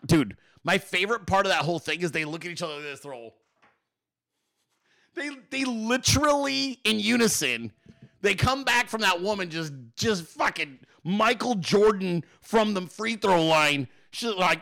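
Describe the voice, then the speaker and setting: A podcast host ranting through political commentary in a profane, mocking and sarcastic way. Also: male voice, sits high, very animated, normal speed, vocal fry, bright, forceful tone.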